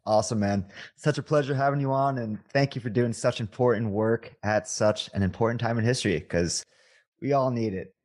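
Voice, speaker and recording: A man's voice: mid-range voice, a little fast, a little mellow. A man co-hosting a podcast, signing off an interview in an enthusiastic, friendly way. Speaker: podcast co-host. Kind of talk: casual interview sign-off.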